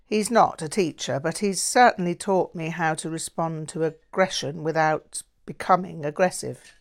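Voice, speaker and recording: A woman reading the lines of a calm, patient young man in an audiobook, speaking in a reasoned, gently firm way. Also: deep voice, moderate pace.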